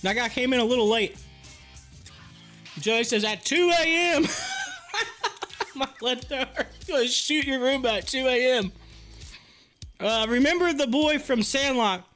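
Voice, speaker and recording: A man hosting a livestream, telling a story in animated casual chat, laughing often and acting out what people said. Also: very high voice, measured pace, long pauses, faint music behind. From rural area. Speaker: livestream host.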